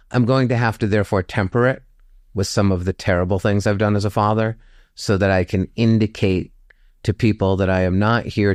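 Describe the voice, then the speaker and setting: A low-voiced man in his fifties tells a personal story with animated flair. He acts out the people he quotes by jumping up in pitch, then settles back into reflective commentary. The sound is close and dry. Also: no echo. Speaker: storytelling guest. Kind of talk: telling a personal story in an interview.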